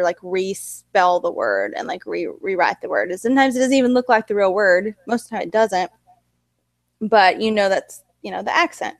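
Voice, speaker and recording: A woman with a medium-pitched voice chats casually about writing, rambling and using many fillers like "like" and "you know." The recording is dry.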